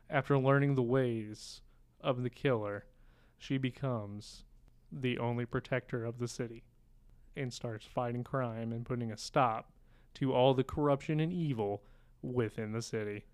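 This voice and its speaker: A man talks in a flat, even tone with a smooth, clear voice. He co-hosts a casual film podcast and rambles through his stories deadpan. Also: medium pitch, a little slow. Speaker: podcast co-host. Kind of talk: casual chat.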